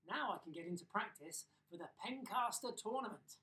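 Chirpy village lady, high and lively, as a man puts her on, distant mic. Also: fairly quick. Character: cheerful village woman who cannot play.

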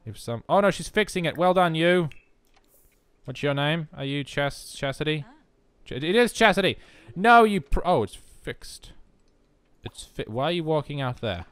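A man's voice: on the high side, expressive, normal speed, a bit bright, clean tone. A young man giving casual, self-mocking let's-play commentary, chatting to the game as he plays. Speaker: gaming video host.

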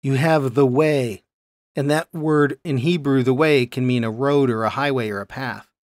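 Male Bible teacher, mid pitch, explanatory lecture delivery, dry close sound. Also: fairly even intonation, moderate pace, no echo. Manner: explanatory, stresses key words, reads verses aloud.

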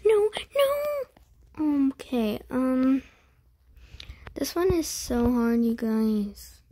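A woman giving casual, chatty commentary while playing a game, full of fillers and quiet whispered asides. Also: a little high, drawn-out words. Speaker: gaming video creator. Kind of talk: casual let's-play commentary.

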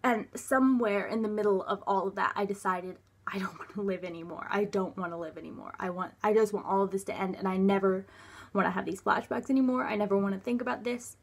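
A young woman recounts a personal story straight to the camera in a breathy, slightly husky voice. She speaks haltingly, restarting sentences and leaning on filler words. At times her voice sinks to a near whisper, while her pitch stays in a middle range. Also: fairly even intonation. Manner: often drops to a soft, near-whispered voice. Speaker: vlogger.

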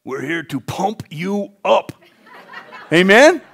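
A man's voice: sits high, animated, slow. A male pastor preaching a sermon in a folksy way, often calling out to the congregation for a response.

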